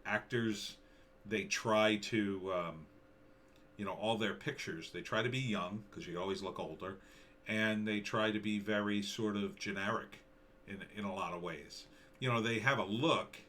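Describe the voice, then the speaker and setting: Sarcastic rambling man with a bright edge. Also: fairly low pitch, measured pace, a little hiss or hum. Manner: rambling and sarcastic, with frequent fillers and restarts. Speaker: commentary vlogger. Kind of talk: opinionated casual commentary.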